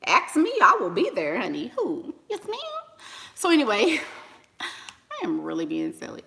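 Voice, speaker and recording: A woman's voice: medium pitch, big pitch swings, slow, creaky, long pauses, sharp tone. A woman, chatting casually and animatedly to viewers, slangy and laughing often. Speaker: online business coach and vlogger.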